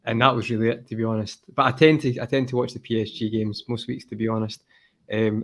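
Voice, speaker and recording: A man on a stream panel chatting casually in a relaxed, rambling way with lots of fillers. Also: medium pitch. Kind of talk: casual chat.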